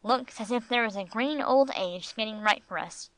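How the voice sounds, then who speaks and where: A woman reading the part of a good-natured old male dog who speaks gravely and dryly. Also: on the high side, moderate pace, a bit bright, dry recording, natural voice. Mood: dry, wry. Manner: grave, sober delivery.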